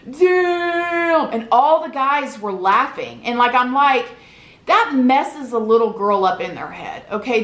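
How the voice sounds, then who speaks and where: A woman's voice: a little high, fairly bright tone. Woman, vlogger, confiding storytime, checks in with listeners, echoey room. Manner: earnest, confiding, many "like" and "right?" asides. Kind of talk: emotional storytime about childhood.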